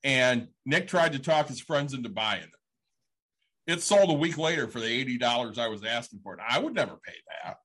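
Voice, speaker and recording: A man's voice: medium pitch, expressive, moderate pace, pushed and bright, husky. A man who owns a rage room business, talking candidly and matter-of-factly in a casual podcast chat.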